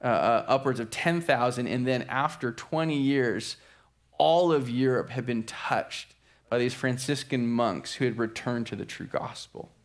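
Animated male pastor telling a story. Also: medium pitch, a little slow. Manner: animated storyteller acting out quotes. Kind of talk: sermon storytelling.

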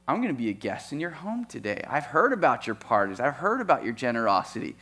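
A man voicing Jesus as a warm, welcoming teacher inviting himself to lunch. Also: medium pitch, big pitch swings, quick pace, husky, full character voice.

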